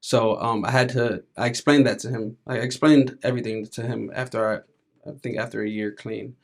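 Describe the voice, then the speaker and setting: A man's voice: medium pitch, fairly even intonation, a little fast, vocal fry. A man in his thirties, a podcast guest speaking candidly and reflectively in casual conversation, with frequent filler words.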